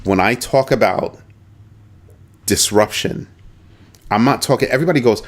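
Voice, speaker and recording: A middle-aged man hosting a casual livestream, animated and chatty, talking straight to his viewers and often repeating himself. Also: mid-range voice, takes it slowly. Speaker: host of a crypto livestream.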